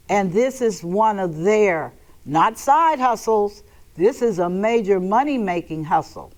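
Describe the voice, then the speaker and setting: A woman leads a televised money class and talks straight to her viewers. Her delivery is blunt and emphatic, with theatrical flourishes. She speaks slowly and deliberately, at a middling pitch. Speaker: host giving a financial seminar. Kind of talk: televised financial lecture.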